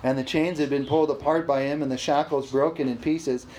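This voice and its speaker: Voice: medium pitch, steady tone, a little fast, darkish tone, a little hiss or hum. A preacher delivering an emphatic sermon, repeating phrases for emphasis and calling out "amen?" to the congregation. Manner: emphatic, calls for "amen?" responses.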